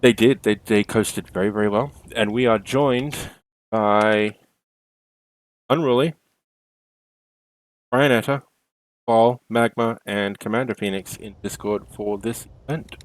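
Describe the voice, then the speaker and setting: A stream host with a lowish voice talks at a measured pace and pauses often. Hosting a game stream, he chats casually, corrects himself as he goes, and laughs easily.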